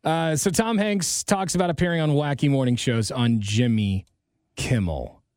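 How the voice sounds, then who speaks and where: A man's voice: on the high side, moderate pace, darkish tone, no echo, clean studio sound. A man hosting a morning radio show, chatting casually and ranting bluntly.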